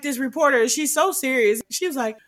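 A woman's voice: sits high, a little fast, fairly bright tone. A woman co-hosting a casual chat, telling funny stories and laughing often. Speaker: podcast co-host.

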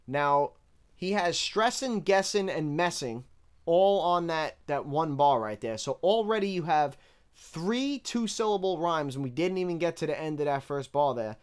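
Man picking apart rap rhymes, smooth voice. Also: a little high, normal speed. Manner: breaks down rhymes bar by bar, candid and relaxed. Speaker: rap lyric reviewer. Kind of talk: casual analytical commentary.

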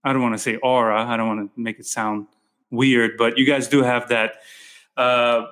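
A man hosting a podcast in a relaxed, casual chat, often calling his guest "man" and "dude". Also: mid-range voice, moderate pace. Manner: laid-back, calls the guest "man" and "dude". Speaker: podcast host.

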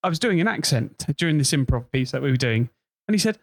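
Host guy, talks fast, bit high pitched, dry sound. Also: lively intonation, dry recording. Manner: quick, storytelling. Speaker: podcast host. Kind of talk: casual interview chat.

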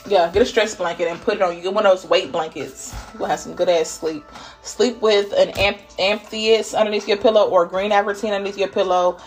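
A woman giving a casual spiritual reading, playful and laughing, dropping to whispers and jumping to loud bursts. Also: medium pitch, steady tone, brisk, faint music behind. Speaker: spiritual reader channeling messages. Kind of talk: casual intuitive reading monologue.

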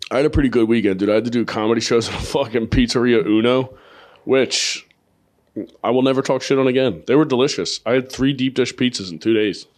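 A man with a middle-pitched voice hosts a podcast in loose, crude chat. He swears constantly, jokes crudely and tells rambling stories. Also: brisk, a little mellow. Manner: profane, joking, storytelling. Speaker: podcast host; comedian.

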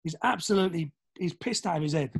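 A middle-aged man from East London with a London accent, telling anecdotes as a podcast guest, animated and acting out the voices of people in his stories. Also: fairly high pitch, quick pace, creaky, husky. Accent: London English. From East London, England. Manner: animated, acts out quoted voices, swears casually. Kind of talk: casual storytelling.

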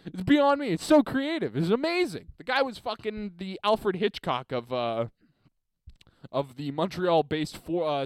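A man's voice: on the high side, no room sound. A young adult man hosting a podcast alone in a basement, telling rambling, profane, self-deprecating stories. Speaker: podcast host. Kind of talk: casual comedic storytelling.

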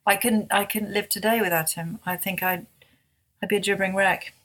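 A woman author, speaking softly and haltingly as a guest in an emotional interview conversation. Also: medium pitch, fairly even intonation. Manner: soft-spoken, halting with many restarts.

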